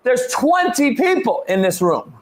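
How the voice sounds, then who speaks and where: A middle-aged man hosting a sports talk show, telling a story in a casual, animated way, swearing often and stumbling over repeated words. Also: very high voice, unhurried. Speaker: show host, football coach.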